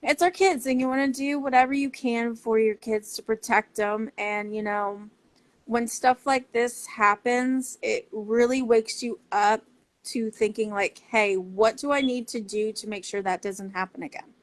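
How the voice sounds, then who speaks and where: Woman, parent advocate, heartfelt and impassioned, slow unhurried pace, slightly high voice. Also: steady tone. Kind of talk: casual talk to camera.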